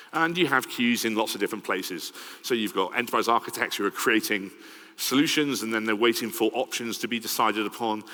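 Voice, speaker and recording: A middle-aged man with a Welsh accent giving a lively, conversational conference talk and often checking in with "right?". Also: fairly low pitch. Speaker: conference speaker. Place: large conference hall. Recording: long hall reverb.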